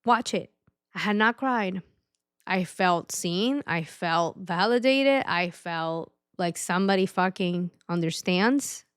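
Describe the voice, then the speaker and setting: A woman's voice: fairly low pitch, no echo, clean studio sound. A woman hosting a podcast, speaking frankly and emotionally in a personal monologue, swearing often. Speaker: podcast host.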